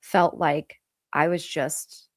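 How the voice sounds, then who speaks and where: A married woman from Hawaii and Southern California, a podcast guest who tells her stories in an animated, self-deprecating way. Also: low-pitched, takes it slowly, dry recording, clean studio sound. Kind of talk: casual podcast chat.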